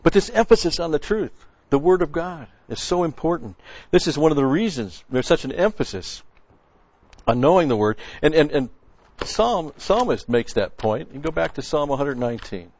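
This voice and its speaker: A man's voice: a little high, lively intonation, normal speed, darkish tone, lo-fi sound. Folksy, blunt male preacher. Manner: folksy, blunt, with frequent restarts and scripture quotes. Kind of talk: conversational sermon.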